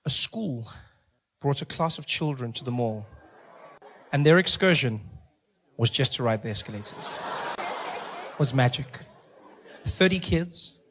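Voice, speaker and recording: A man's voice: mid-range voice, a bit bright. A man from South Africa doing a stand-up comedy routine, telling stories animatedly and acting out the scenes.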